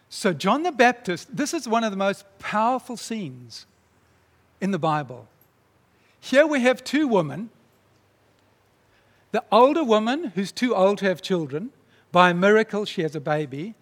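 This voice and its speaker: Animated man preaching in a hall. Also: high voice, measured pace, pauses often. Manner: animated, dramatic storyteller. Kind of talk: sermon storytelling. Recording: long reverb in a large hall.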